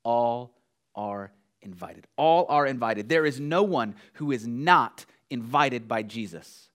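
A man preaching a sermon, emphatic, dropping to hushed lows and rising to raised exhortation, repeating key phrases. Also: measured pace. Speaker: pastor.

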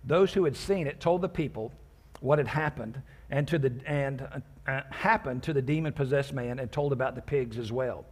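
In a mid-range, husky and slightly breathy voice at a moderate pace, a pastor reads scripture aloud verse by verse during his sermon. His explanations are relaxed and conversational, with occasional jokes directed at the congregation.

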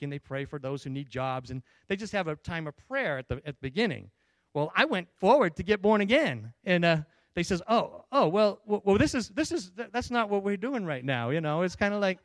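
A man shares his church testimony with emotion, often restarting his sentences and acting out the other people in his story. His voice sits a little higher than most men's, and it sounds dry and close, with no room echo. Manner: emotional storytelling, many restarts, acts out dialogue. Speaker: church member giving testimony. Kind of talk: personal testimony.

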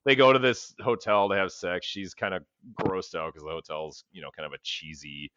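A man's voice: sits low, normal speed, fairly bright tone, smooth, no room sound, muffled recording. A man co-hosting a podcast, ranting in a profane, casual way about a film. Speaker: podcast co-host. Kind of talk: casual chat.

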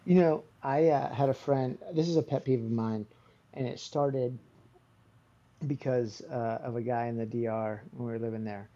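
A man's voice: mid-range voice, fairly even intonation, normal speed, dark tone, muffled recording. A man in casual chat, explaining his pet peeves in a matter-of-fact way.

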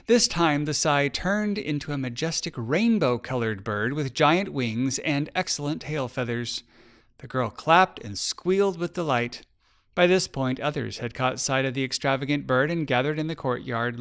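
A man, the author, narrating his children's story in an expressive, measured way. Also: mid-range voice. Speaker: author reading his book.

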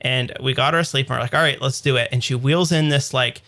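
A man's voice: mid-range voice, fairly even intonation, quick pace, sharp tone. A man in his thirties co-hosting a podcast, telling a long story in casual chat with lots of fillers and restarts. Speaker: podcast co-host.

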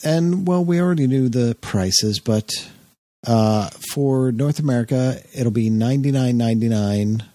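A man's voice: medium pitch, unhurried, dark tone, no room sound. A man hosting a gaming podcast, chatting casually and reading out news items with frequent laughs. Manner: upbeat, reads news items, laughs often. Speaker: podcast host. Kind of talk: casual chat.

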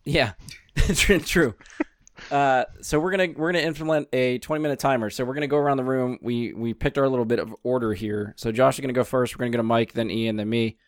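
A man's voice: medium pitch, steady tone, fast talker, smooth, no room sound, clean studio sound. A man hosting a podcast in casual chat, loose and rambling, laughing often. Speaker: podcast host.

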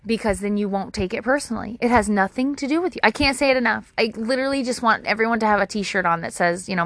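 A woman's voice: a little high, fast talker, hardly any pauses, fairly bright tone, dry recording. A woman talking straight to camera outdoors at her home, giving casual advice in a candid, rambling way and swearing freely. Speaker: vlogger.

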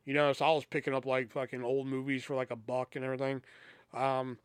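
A man's voice: mid-range voice, flat delivery, fast, clear, resonant tone, no room sound. A man hosting a podcast, telling a casual, rambling story, with lots of swearing and quoted voices acted out. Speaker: podcast host.

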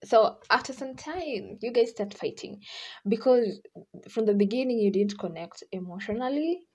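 A woman talks her way through relationship advice in a loose, chatty podcast monologue, and she slips into little acted-out voices as she goes. Her voice is mellow and a bit husky, with a soft, dark tone. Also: a little high, animated, normal speed. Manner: chatty, acts out quoted voices, laughs often. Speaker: podcast host.

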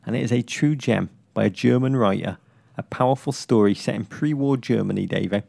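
A man co-hosting a podcast in casual comedic chat, playful and teasing, with jokes that jump up high. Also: a little fast, vocal fry, a little mellow. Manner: playful, teasing, bursts into high jokey tones. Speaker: podcast co-host.

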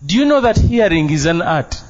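A man's voice: a little high, very animated, brisk, a little mellow. A man preaching a sermon as pastor in a church, emphatic and playful, dropping Luganda phrases into his English. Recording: dull, muffled sound.

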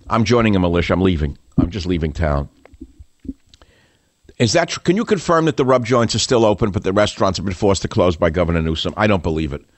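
A man hosting a talk radio show, ranting sarcastically and combatively, his pitch leaping up when he mocks. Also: no room sound.

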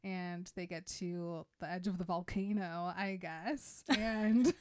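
A young woman in casual chat, retelling a film scene by scene in an animated way and quoting the characters. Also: fairly low pitch, clear, resonant tone, no echo. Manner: animated storytelling, quoting characters in quick voices. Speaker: podcast co-host retelling a film.

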